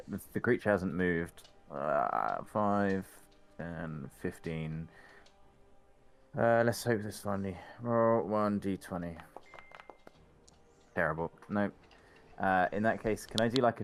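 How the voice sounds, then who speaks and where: A man with a very low, gravelly voice, playing a tabletop game. He talks slowly and thinks his moves through aloud, unsure of the rules. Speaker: player. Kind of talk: casual tabletop game chat.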